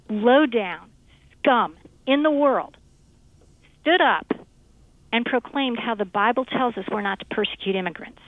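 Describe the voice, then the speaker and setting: A woman's voice: fairly high pitch, unhurried, dry recording. A woman guest on a radio show, talking in a fiery, emphatic and preachy way. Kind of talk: impassioned call-in talk. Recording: tinny phone line.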